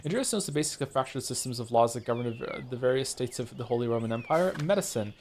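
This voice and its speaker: A man's voice: medium pitch, expressive, fast, a little mellow, slight background noise. A man streaming a game, reading its text aloud and swearing often in rambling asides, stumbling over names. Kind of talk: live game stream read-along.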